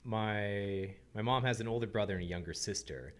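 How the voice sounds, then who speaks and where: A man's voice: on the low side, normal speed. A man from Canada, a guest on a casual podcast, telling stories and imitating regional accents. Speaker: guest, digital artist. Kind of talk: casual chat.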